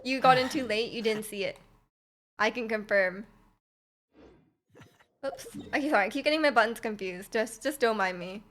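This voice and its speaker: A woman's voice: a little high, moderate pace, long pauses, fairly bright tone. A woman streaming a game, chatting casually and giggling, rambling with lots of fillers. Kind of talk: casual chat while gaming.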